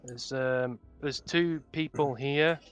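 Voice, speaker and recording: A man's voice: medium pitch, a bit bright, soft background music. Man narrating as dungeon master. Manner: halting, many fillers and restarts. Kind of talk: narrating a tabletop game.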